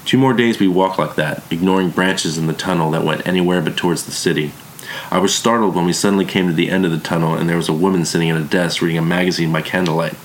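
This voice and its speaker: A man narrating a first-person story in a calm, plain way. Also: low voice, fast talker, slight background noise.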